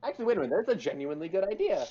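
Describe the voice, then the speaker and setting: Male player, bit high, jokey and profane, dull lo-fi mix with faint music. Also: very animated, very fast, dark tone. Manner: joking, swears freely. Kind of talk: casual tabletop game chat.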